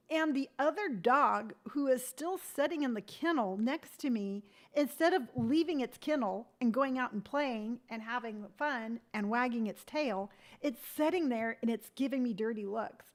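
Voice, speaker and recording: Earnest, fairly high-voiced woman giving a pep talk. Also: moderate pace, hardly any pauses. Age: 50s. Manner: earnest, animated, mimics other people's remarks; tough-love pep talk. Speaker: livestream host. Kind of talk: motivational livestream chat.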